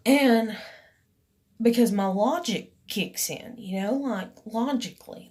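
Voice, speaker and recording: A woman's voice: a little high, slow pace, a little mellow. A woman, telling a personal story to camera in a rambling, emotional way with many fillers. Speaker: vlogger.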